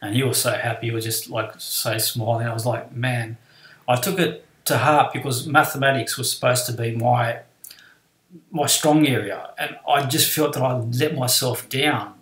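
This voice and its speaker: A man's voice: medium pitch, fairly even intonation, normal speed, a bit bright, reverberant, rough recording. A man telling a personal story from his school days, acting out the voices of his teacher and classmates. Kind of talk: personal anecdote.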